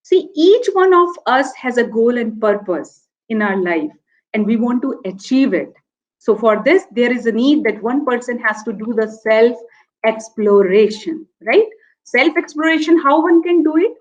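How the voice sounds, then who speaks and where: A woman's voice: fairly high pitch, animated, unhurried, a little mellow. A woman lecturer, telling a story and then explaining her point earnestly, repeating key phrases. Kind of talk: motivational lecture with a told anecdote. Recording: dull lo-fi online lecture audio.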